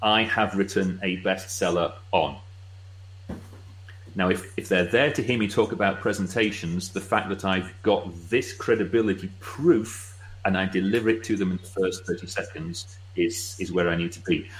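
A middle-aged British man speaking as a guest expert, explaining with brisk, wry asides. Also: deep voice, steady tone, poor audio. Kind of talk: casual explanatory chat.

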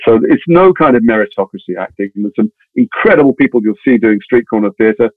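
Brief: middle-aged man, quick chatty storyteller, restarts a lot, dry tinny phone-like sound. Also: fairly low pitch, expressive, no echo. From England. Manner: chatty, many restarts and wry asides. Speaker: guest actor. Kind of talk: anecdotal interview storytelling.

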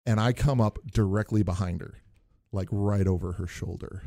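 A man chatting casually on a podcast and telling an animated story, acting out the people in it. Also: on the low side, normal speed, creaky, dry recording, clean studio sound. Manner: animated storyteller, acts out quoted voices.

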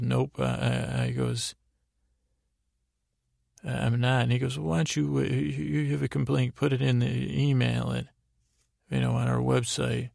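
A man's voice: medium pitch, creaky, no echo, studio quality. A man hosting a sleep podcast, recapping a show in a meandering, trailing way. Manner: meandering, trailing off, paraphrasing scenes in a flat tone. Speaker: podcast host.

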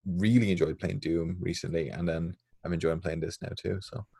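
Brief: man, very low, husky voice, laid-back rambling chat, dry close sound. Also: steady tone, normal speed, warm tone, no room sound. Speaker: podcast co-host. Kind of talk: casual chat.

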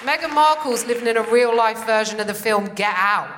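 A British woman in her forties performs a sardonic, punchy stand-up set on a theatre stage before a live audience, using a stage microphone. Her voice is fairly high and brisk, and the loud crowd makes the recording very noisy.

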